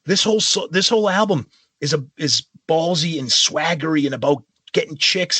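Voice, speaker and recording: A man co-hosts a music podcast with a bright, slightly high voice. He talks in an excitable, jokey way. The sound is dry and close. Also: normal speed, breathy edge, no room sound. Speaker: podcast co-host. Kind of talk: casual chat.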